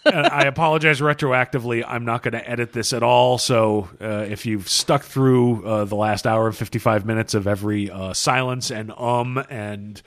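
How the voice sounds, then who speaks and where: A worn-out man talks through comics on a podcast at a medium pitch. He rambles, swears freely and breaks into laughter. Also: fairly even intonation, normal speed, few pauses. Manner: rambling, profane, laughs often. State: tired after a long session. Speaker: podcast co-host. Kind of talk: casual comic book podcast chat.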